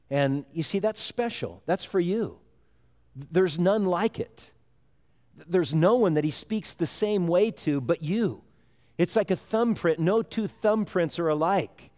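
A middle-aged man delivers a sermon in a relaxed, conversational way, slipping into acted-out quotes along the way. His voice sits a little high for a man. The sound rings with a long reverb, as in a large church hall. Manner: conversational preaching with folksy asides and acted-out quotes. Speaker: pastor.

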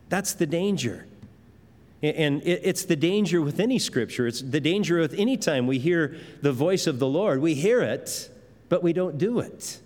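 A pastor preaching a conversational, emphatic sermon and acting out the voices he quotes. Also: fairly high pitch. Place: church. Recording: long hall reverb.

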